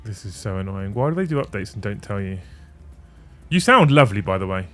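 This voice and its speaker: A man's voice: lowish voice, big pitch swings, fairly quick, a bit bright, soft background music. Chatty, swearing man streaming. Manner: chatty, swears freely, self-mocking. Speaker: livestream host. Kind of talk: casual stream chat. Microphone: studio mic on a desk mixer.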